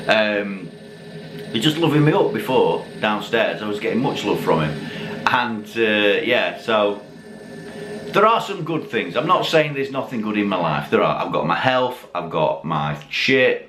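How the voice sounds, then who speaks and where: A YouTube channel host, tipsy from drinking, chats casually to camera at home in a dim room lit by Christmas lights. He has a fairly low voice and rambles, swears and mocks himself. The room sounds echoey, with faint background noise.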